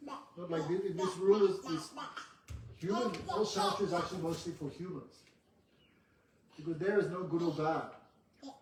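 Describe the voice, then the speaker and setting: A man's voice: on the high side, slight background noise. Chatty man teaching a scripture class. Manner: chatty, joking asides to students. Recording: roomy hall from a distant mic.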